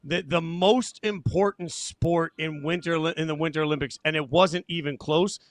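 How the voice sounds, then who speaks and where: High-voiced playful male host. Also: fairly even intonation, normal speed, no echo. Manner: playful, jokey. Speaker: podcast host. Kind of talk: casual podcast discussion.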